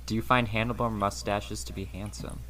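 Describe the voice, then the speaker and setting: A young man co-hosting a podcast over a call, playful and quick to chime in. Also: lowish voice, steady tone, fairly bright tone. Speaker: podcast co-host. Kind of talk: casual chat over a call. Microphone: call audio. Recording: noisy call line.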